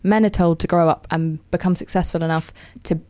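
A woman's voice: on the low side, steady tone, brisk, dark tone. Woman, podcast guest, casual chat, wry, emphatic.

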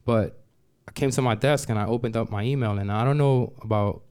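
Man, storyteller, smooth clear voice, easy everyday delivery, lots of "like", punchy emphasis. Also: lowish voice, brisk, a little mellow. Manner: conversational, repeats "like" and restarts. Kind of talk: personal story told to an audience.

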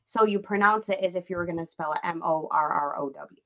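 A woman's voice: lowish voice, brisk, fairly bright tone, poor audio. Candid woman telling her story. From United States. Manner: candid, rambling, with restarts. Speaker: guest entrepreneur. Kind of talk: casual interview storytelling.

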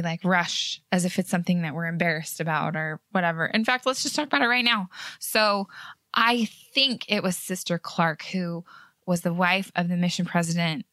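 A woman's voice: fairly low pitch, a bit bright, no echo. Earnest, chatty woman podcast host. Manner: earnest, chatty, with light laughs. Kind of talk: casual faith podcast chat.

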